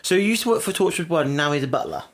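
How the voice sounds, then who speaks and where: A man's voice: on the high side, lively intonation, very fast. A man co-hosting a casual podcast, given to incredulous outbursts. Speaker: podcast co-host. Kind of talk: casual chat.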